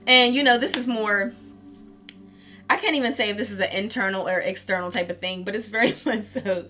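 Bright-voiced woman reading tarot casually. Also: medium pitch, fairly quick, soft background music. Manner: candid and profane, laughs often. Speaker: tarot reader.

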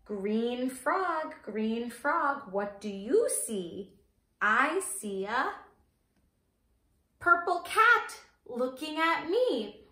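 Female preschool teacher, slightly high voice, slow sing-song storytime reading with questions for the kids, echoey room. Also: big pitch swings, sharp tone. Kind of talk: reading a picture book aloud to young children.

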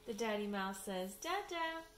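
A woman's voice: medium pitch, animated, normal speed. A woman, a mother, reading picture books aloud to her baby at home in a playful, sing-song way with animal sounds. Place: home room. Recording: echoey room, faint background noise.

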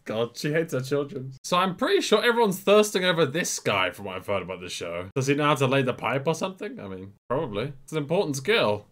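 A man's voice: mid-range voice, fast, few pauses. A young man hosting a reaction video, making casual jokes and laughing often as he comments. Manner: joking, laughs often, lively asides.

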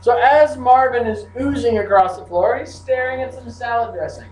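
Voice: medium pitch, normal speed, a little mellow. A teacher leads a class through a grammar lesson and slips in playful, joking asides. The voice rings around a roomy classroom and is picked up from a distance. A faint hum sits underneath.

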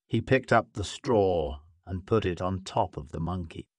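A man slowly narrating a graded-reader story for English learners, reading clearly and deliberately. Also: sits low, dry recording.

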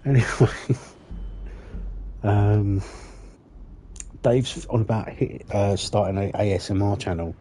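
A man's voice: on the low side, slow pace, pauses often, mellow, a little hiss or hum. A man streaming a game, chatting casually with viewers, joking, rambling and swearing as he goes. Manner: joking, rambling, swears often, laughs at his own jokes. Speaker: gaming livestreamer. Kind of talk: casual livestream chat while playing.

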